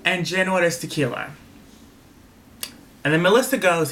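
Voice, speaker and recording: A man's voice: high voice, normal speed, fairly bright tone, slight background noise. A man casually recapping a reality TV episode, candid and opinionated, swearing freely and repeating himself for emphasis.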